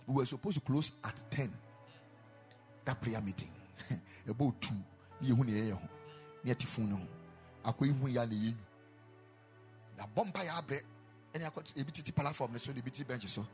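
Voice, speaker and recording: A man with a Ghanaian accent preaching a sermon in a chapel, mixing English and Twi, building to loud emphatic peaks. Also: mid-range voice, a little fast, long pauses, faint music behind. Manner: switches between English and Twi, rising to shouted emphasis.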